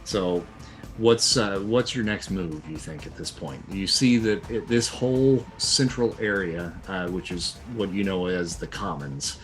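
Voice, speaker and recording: A deep-voiced man runs an online tabletop game as game master. He explains rules and the scene patiently, one step at a time, with plenty of "uh" and "um". Faint music plays under his voice. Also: a little slow.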